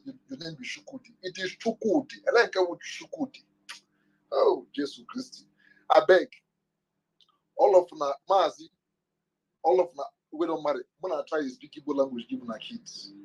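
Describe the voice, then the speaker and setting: A Nigerian man with a fairly high, gravelly, husky voice that swings all over his range. He hosts a casual live chat, joking and slipping into pidgin. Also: poor audio. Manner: lively, joking, switching into pidgin. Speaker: host.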